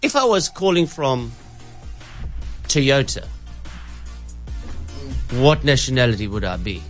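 A man's voice: medium pitch, big pitch swings, takes it slowly, soft background music. A man hosting a morning radio show, chatting playfully and setting up a prank call. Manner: playful, sets up jokes. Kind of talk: casual radio banter.

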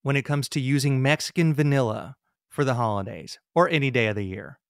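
A man's voice: medium pitch, a little fast. Man asking podcast interview questions. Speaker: podcast host.

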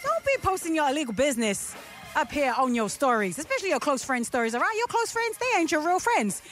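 Brief: high, animated woman, radio co-host, emphatic mock-preacher scolding, faint music. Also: fast. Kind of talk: joking mock-sermon banter. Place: radio studio.

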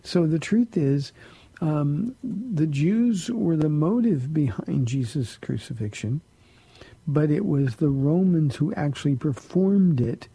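Gravelly, dark-voiced man pastor. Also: a little high, animated, slow pace, dry recording, low-quality recording. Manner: earnest, explanatory, with many fillers. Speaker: pastor answering listener questions. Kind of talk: radio call-in Bible Q&A.

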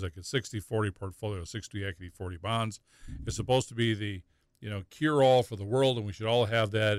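A low, gravelly man talks money on a call-in radio show. He rambles and stumbles through fillers and restarts. The sound is close and dry. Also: no room sound. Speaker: financial advisor guest.

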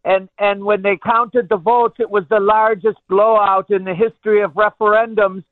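A man calling in to a talk radio show, telling a deadpan satirical bit with many halting fillers. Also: sits high, dry recording. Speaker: caller. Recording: tinny phone line.

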